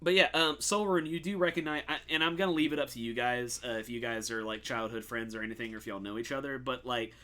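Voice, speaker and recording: A man's voice: medium pitch, fairly even intonation, fast, few pauses, sharp tone. A man narrating as game master of a tabletop game in a casual, rambling way with many fillers.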